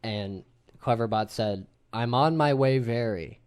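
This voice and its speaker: A man in his thirties hosts a relaxed group podcast in an ordinary mid-range voice. He tells stories with animated energy and drops casual swearing along the way. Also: medium pitch, measured pace, clear, resonant tone. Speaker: podcast host.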